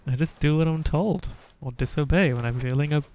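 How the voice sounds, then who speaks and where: Brief: male streamer, deadpan jokey asides, mid pitch, muffled mic with faint hum behind. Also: brisk. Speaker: live-streamer playing a game. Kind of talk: casual gameplay commentary.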